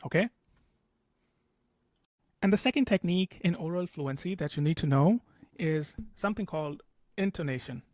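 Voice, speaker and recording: A man's voice: fairly high pitch, lively intonation, darkish tone, no echo. Patient man tutoring with a dry, close sound. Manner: patient, repeats example sentences slowly, frequent "okay". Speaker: test prep tutor. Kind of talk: explanatory tutorial.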